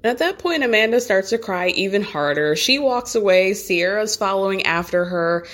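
A chatty woman telling a friend-style recap of reality TV drama. She talks casually and with gossipy energy, laughs between stories and drops the odd curse word. Her voice sits at an ordinary middle pitch. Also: moderate pace. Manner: gossipy, animated, laughs often, swears casually.

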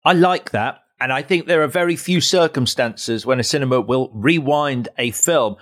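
A man hosts a casual podcast interview in an ordinary mid-range voice. He leads with playful questions, often pausing on small hesitations before going on. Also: mid-range voice, a bit bright. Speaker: podcast host.

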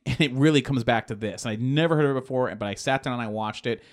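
A man in casual chat, rambling excitedly through a film story with filler words and swearing. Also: medium pitch, fast talker.

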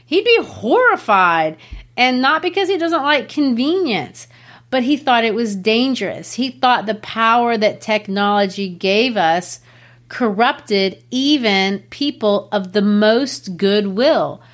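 Woman talking through a book slowly and earnestly, slightly high voice. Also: animated, fairly bright tone. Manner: earnest, explaining. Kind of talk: casual book discussion.

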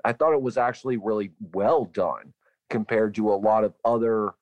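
A man's voice: fairly low pitch, moderate pace, no echo, highs cut off. A man co-hosting a casual film discussion, talking bluntly with a lot of swearing. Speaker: podcast co-host.

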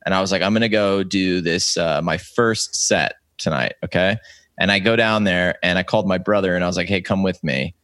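A man's voice: low voice, brisk, a bit bright, no echo. A man in his thirties, a comedian, telling stories in a casual chat, rambling and stopping himself with many fillers. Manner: rambling, self-interrupting anecdotes with many fillers. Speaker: comedian guest.

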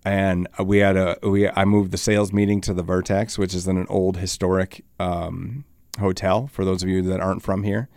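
A man's voice: low-pitched, moderate pace, no room sound, studio quality. A man hosting a podcast, telling a long story in casual chat, swearing often and acting out other people's lines. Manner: profane, animated storytelling with exaggerated quoted voices. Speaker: podcast host.

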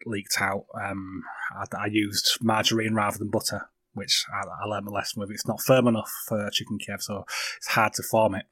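A man co-hosting a casual football podcast, halting and self-deprecating. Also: fairly low pitch, dry recording. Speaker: podcast co-host.

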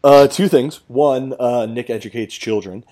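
A man's voice: mid-range voice, unhurried, dark tone. A man hosting a casual sports podcast, laughing easily and rambling with restarts. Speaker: podcast host.

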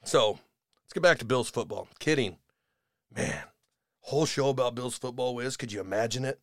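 A man's voice: medium pitch, moderate pace, no echo. Guy ranting on his podcast, sarcastic and rambly, dead dry room sound. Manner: rambling, sarcastic, swings from muttering to shouting. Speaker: podcast host. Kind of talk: casual comedic rant.

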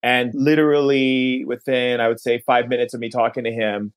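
A man's voice: mid-range voice, flat delivery, clear, resonant tone. Earnest man telling a long story. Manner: earnest, drawn-out storytelling with pauses and restarts. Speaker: podcast guest. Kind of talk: personal storytelling in an interview.

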